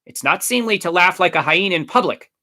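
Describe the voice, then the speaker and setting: A man's voice: sits high, lively intonation, brisk, pushed and bright, dry recording, studio quality, voice pushed up, full character voice. A man voicing a proper, formal aristocratic English teenage girl who speaks disapprovingly. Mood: prim.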